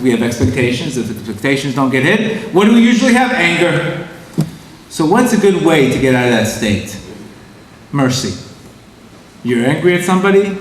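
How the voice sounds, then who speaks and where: A man giving a motivational Torah lecture in a synagogue, animated, asking the crowd questions and answering them himself. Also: a little high, a little hiss or hum. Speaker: speaker giving a Torah talk. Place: large synagogue hall. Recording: echoey hall, heard from a distance.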